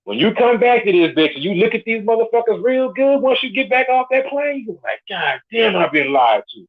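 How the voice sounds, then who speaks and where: A man's voice: very high-pitched, lively intonation, brisk. Swearing forty-year-old man on a tinny phone line. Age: 40s. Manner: blunt, swaggering and heavy with swearing. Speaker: caller on a live show. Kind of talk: profane rant.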